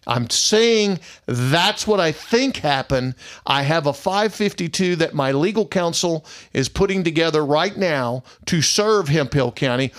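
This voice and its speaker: Middle-aged guy, raspy fry, fired-up storytelling, plays out both sides of the talk. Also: fairly high pitch. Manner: animated, indignant retelling that acts out other people's lines. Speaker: private investigator. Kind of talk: casual storytelling monologue.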